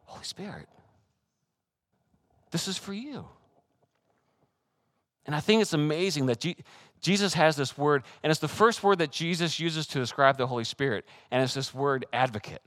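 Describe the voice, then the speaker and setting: A male pastor delivering a sermon, his voice sitting a little higher than most men's. He preaches with animated, excitable energy, slipping into quoted voices and light laughs as he goes. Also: normal speed, long pauses.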